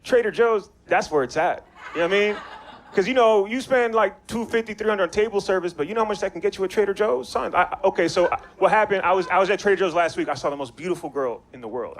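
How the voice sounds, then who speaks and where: His voice sits high and moves quickly as this young man from Maryland works through a stand-up set in a small bar. He riffs with the crowd in casual slang, and the live recording has noticeable noise behind him.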